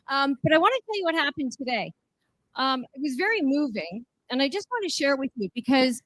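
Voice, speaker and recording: A woman speaking as a city councillor at a gala, telling an animated personal story with emphatic repetition. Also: high voice, poor audio. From Canada. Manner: emphatic, repeats key lines.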